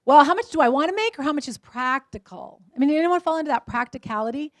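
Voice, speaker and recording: A woman in her forties giving a keynote talk at a luncheon, telling lively stories and acting out the voices of the people in them. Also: high-pitched, no room sound. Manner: lively storytelling, acts out quoted voices. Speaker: motivational speaker.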